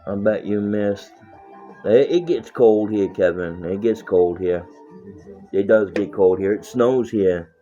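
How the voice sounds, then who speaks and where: Low-voiced man, profane rambling livestream chat, muffled lo-fi sound. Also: takes it slowly, mellow, soft background music. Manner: profane, rambling, laughs often.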